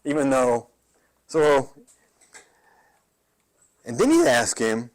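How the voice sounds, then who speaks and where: This pastor's mid-range voice swings hugely in pitch, and he talks slowly with frequent pauses. Leading a midweek Bible study conversationally, he repeats words and keeps turning to the group with "right?"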